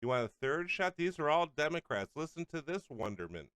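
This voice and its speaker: A man's voice: on the high side, sing-song, fairly quick, a bit bright, smooth, dry recording, studio quality. A man hosting a political radio show, angrily ranting and mocking the clips he plays. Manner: ranting, mocking, often laughing. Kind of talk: angry political commentary over clips.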